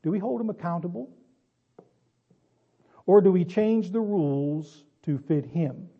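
A man's voice: sits high, unhurried, slightly rough, phone-quality sound, full character voice. A man voicing an irritable old baseball coach who barks pointed questions at a crowd. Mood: stern, preaching.

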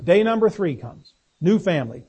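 A man's voice: sits high, sing-song, normal speed, dark tone, slight background noise. A man preaching a sermon in a folksy, conversational way, putting questions to his congregation.

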